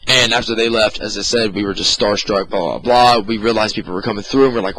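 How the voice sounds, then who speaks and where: A man co-hosting a podcast, telling a story in a loud, profane, animated way. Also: on the low side, fast, hardly any pauses, poor audio. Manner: profane, animated, exaggerated retelling. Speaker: podcast co-host. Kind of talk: casual storytelling.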